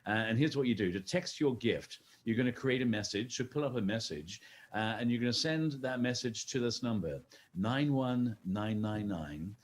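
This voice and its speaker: Animated and mid-range in pitch, at a normal speed, a man co-hosts a virtual fundraising event. He chats and jokes through scripted banter while encouraging the audience to give money.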